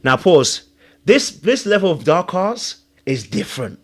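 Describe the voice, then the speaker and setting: A man hosting a reality-show reaction video, talking excitedly, laughing and breaking into imitations as he comments. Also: sits high, unhurried. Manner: excitable, laughs, mimics voices mid-sentence.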